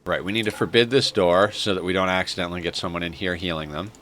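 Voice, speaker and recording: A man's voice: sits low, fairly even intonation, quick pace, a bit bright, slight background noise. A man streaming a game, chatting casually and enthusiastically with lots of fillers, still in his groggy morning voice. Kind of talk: casual gameplay commentary.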